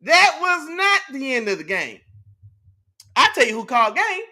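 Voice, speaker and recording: A man hosting a casual sports talk show, animated and slangy, reacting to his live chat and breaking down plays. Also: extremely high pitch, normal speed. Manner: animated, slangy, repeats "you know what I'm saying". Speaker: podcast host.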